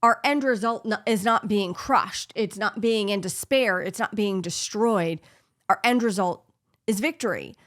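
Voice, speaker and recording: A woman's voice: medium pitch, a little slow, a bit bright. A woman co-hosting a casual talk show, speaking earnestly and encouragingly, sometimes quoting scripture. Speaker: podcast co-host. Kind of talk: casual faith-based chat.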